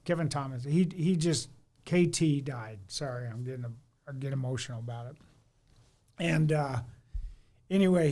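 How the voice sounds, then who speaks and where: A man's voice: a little high, darkish tone. A middle-aged man, a former fire chief, telling workplace stories in casual podcast talk and acting out both sides of the conversations.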